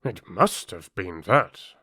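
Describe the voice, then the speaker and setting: A man with a British accent voicing a pompous, blustering, easily flustered king in a loud, drawn-out voice for an audiobook. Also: low-pitched, expressive, slightly rough, no echo, studio quality, exaggerated voice. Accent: British English. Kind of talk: audiobook character voice.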